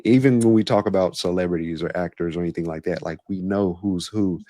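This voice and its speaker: A very low-voiced man hosting a casual podcast conversation. He muses in an unhurried, reflective way, and the sound is close and dry. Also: warm tone, no echo. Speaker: podcast host, coach. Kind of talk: casual interview chat.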